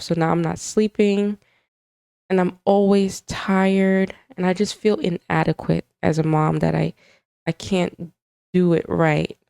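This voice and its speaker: A woman's voice: on the low side, little pitch movement, measured pace, vocal fry, dark tone, clear, resonant tone, no echo, clean studio sound. A young adult woman hosting a podcast, talking in a candid, confiding monologue to other mothers and sometimes getting emotional. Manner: confiding, emotional, talks straight to moms. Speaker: podcast host.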